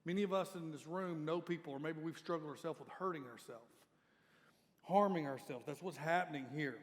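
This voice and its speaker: A man's voice: a little high, fairly quick. A man preaching a sermon as lead pastor, speaking conversationally and appealing directly to his congregation. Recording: reverberant church hall.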